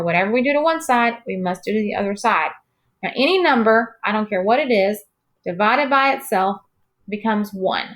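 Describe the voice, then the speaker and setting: A woman math teacher recording a lesson late at night, her voice tired, clearing her throat now and then, patient and reassuring with her students. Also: a little high, a bit bright.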